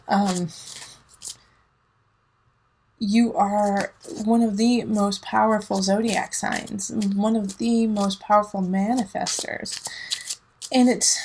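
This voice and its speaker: A woman's voice: fairly high pitch, a little hiss or hum, rough recording. A woman giving a casual tarot reading, emphatic and teasing, laughing often, with a son at home. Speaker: tarot reader.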